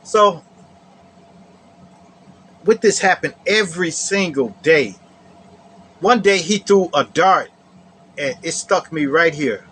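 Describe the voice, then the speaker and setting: A man's voice: fairly high pitch, slow, long pauses, fairly bright tone, a little hiss or hum. A man casually telling a personal story to camera. He often repeats his phrases and adds "you know.".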